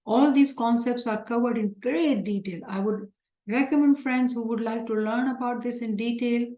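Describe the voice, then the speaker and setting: A woman's voice: on the high side, moderate pace, dark tone, roomy sound. Earnest woman giving a religious lecture. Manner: earnest, repetitive, emphatic teaching. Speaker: religious teacher. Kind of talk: religious lecture explaining scripture.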